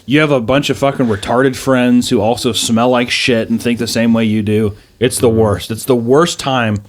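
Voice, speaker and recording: A man's voice: medium pitch, steady tone, normal speed. A man with an ordinary mid-range voice trades crude jokes in loose podcast banter. He jumps in often, swearing freely and riffing off the others. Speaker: podcast co-host. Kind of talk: casual chat.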